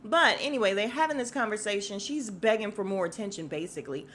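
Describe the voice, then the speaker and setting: A woman's voice: medium pitch, fast talker, fairly bright tone, a little hiss or hum. Brief: young woman podcast host from Chicago, casual recap, blunt and sassy, mid-range voice, talks right at the audience. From Chicago, USA. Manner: blunt, sassy, speaks straight to listeners.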